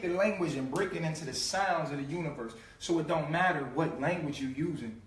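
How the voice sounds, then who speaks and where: A man's voice: a little high, brisk, few pauses. A man giving an impassioned spiritual teaching in slangy street talk, emphatic, repeating and stretching sounds to make his point. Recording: echoey room, mic at a distance.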